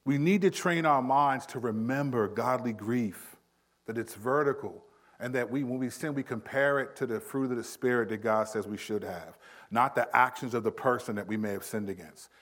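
A man in his thirties preaching a sermon in a conversational style, acting out quick quotes. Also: mid-range voice, fairly bright tone. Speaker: pastor.

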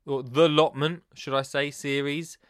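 A man hosting a gardening podcast in a rambling, excitable chat, bursting into sing-song phrases and laughing at himself. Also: a little high, moderate pace, dry recording, studio quality. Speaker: podcast host. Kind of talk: casual chat.

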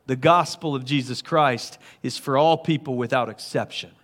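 A man preaching a sermon as a pastor, earnest, swelling to emphatic and then dropping soft. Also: mid-range voice, moderate pace.

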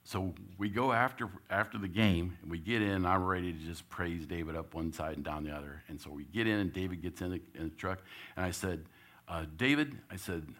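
Storyteller speaker, male, low pitch, bright edge, animated, raises his voice when quoting himself. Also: brisk. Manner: animated storyteller, gets loud acting out his own coaching. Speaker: church speaker. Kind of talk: storytelling talk.

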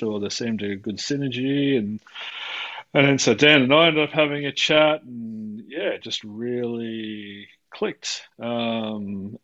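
A man's voice: medium pitch, a bit bright. A man hosting a podcast over a video call, with a middling voice. He rambles and restarts often, talking loosely, and the call audio sounds a little dull and lo-fi. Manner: rambling, many restarts and fillers. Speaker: podcast host. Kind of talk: casual conversation.

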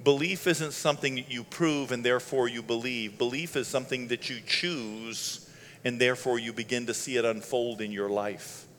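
A pastor preaching a holiday sermon. He talks in a conversational way, laughs between lines and sometimes builds to loud shouting. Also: medium pitch. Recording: long hall reverb.

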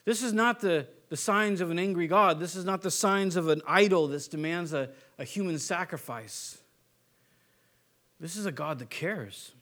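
A man preaching a sermon, animated, acting out quick voices of biblical figures and swinging between soft and emphatic delivery. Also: high-pitched. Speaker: pastor.

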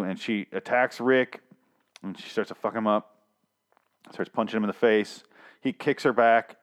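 A man giving a casual, rambling recap of a comic, sarcastic and foul-mouthed, often restarting his sentences. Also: on the low side. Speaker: comic book recap vlogger.

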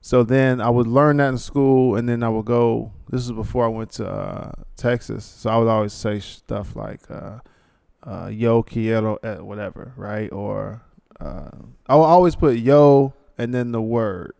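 A man's voice: mid-range voice, unhurried, creaky, darkish tone, no echo. A man in his thirties hosting a podcast, talking in a laid-back, rambling, slangy way and laughing often. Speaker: podcast host. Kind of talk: casual chat.

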